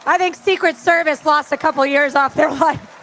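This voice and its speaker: A woman telling animated stories to a crowd and acting out the voices of the people she quotes. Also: high-pitched, moderate pace, a little hiss or hum. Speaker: speaker at an event. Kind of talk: storytelling speech to a crowd.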